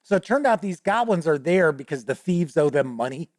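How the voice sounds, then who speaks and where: A man's voice: fairly high pitch, lively intonation, brisk, darkish tone, dry recording, clean studio sound. Rambling man telling a game story. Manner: rambling, many restarts, acts out players' voices. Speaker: host. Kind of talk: casual storytelling.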